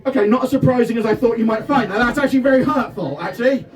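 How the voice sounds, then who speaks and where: A man in his thirties from Devon performing a self-deprecating stand-up set at a festival tent, often shouting his punchlines. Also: very high-pitched, racing, far from the mic. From England (Devon). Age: 30s. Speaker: stand-up comedian. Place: festival tent with a live audience.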